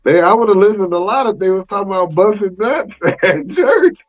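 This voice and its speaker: A man hosting a podcast in casual chat, animated and slangy, exclaiming and laughing often. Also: sits high, normal speed, highs cut off, faint music behind. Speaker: podcast host.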